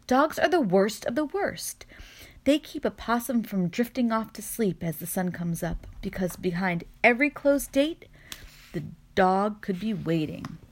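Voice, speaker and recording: A woman's voice: mid-range voice, lively intonation, a little slow. Woman voicing a wise, dramatic mother possum. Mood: solemn. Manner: solemn, theatrical, lecturing. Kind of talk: storybook reading.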